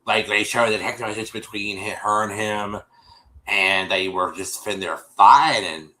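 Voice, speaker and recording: A man with a lowish, steady voice speaks unhurriedly in a bright, forceful tone while hosting a stream, recapping a TV episode for viewers he calls y'all. He rambles and restarts often. His streaming mic gives a low-quality recording with slight background noise.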